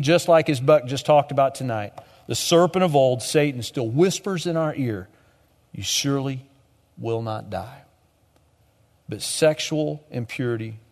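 A young man delivers a sermon in a relaxed, conversational way. His voice sits a little high, and he lets it fall to a soft hush as he closes each point. A long reverb from a big hall trails behind his words. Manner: conversational, drops to a low hush at the ends of points. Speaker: preacher.

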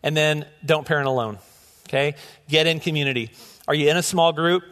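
Earnest male preacher, middle-aged, slightly high pitch, live church sermon. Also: brisk, a bit bright. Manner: earnest, with frequent restarts and repeated words. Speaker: pastor. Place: church sanctuary. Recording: long hall reverb.

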